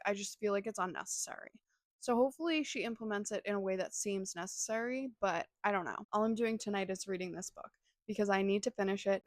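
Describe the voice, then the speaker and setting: A woman's voice: mid-range voice, no room sound. A young woman vlogging about books she is reading, gushing and emotional in her reactions. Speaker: book vlogger. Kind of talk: casual reading vlog.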